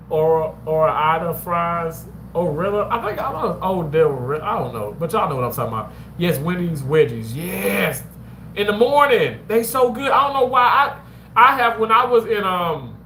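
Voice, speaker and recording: A fairly high-voiced man talks casually to his stream audience, rambling from one thought to the next and jumping up into loud, excited bursts. His voice sounds roomy, with faint background noise behind it. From Mississippi. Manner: animated, rambling, swings into loud excited outbursts. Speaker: vlogger reading live chat. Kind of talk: casual live-stream chat. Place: outdoors on a walk.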